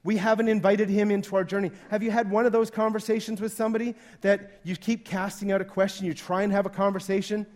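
High-voiced man preaching a sermon. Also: level tone, fast talker, few pauses, darkish tone. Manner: conversational, acting out quoted voices. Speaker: pastor.

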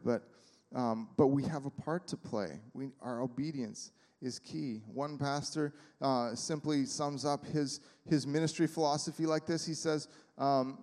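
A male pastor delivering a sermon in a church sanctuary, mid-pitched and conversational, often pausing on fillers. His voice trails off into a long reverb from the hall around him. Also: darkish tone. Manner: conversational, with many fillers and acted-out quotes.

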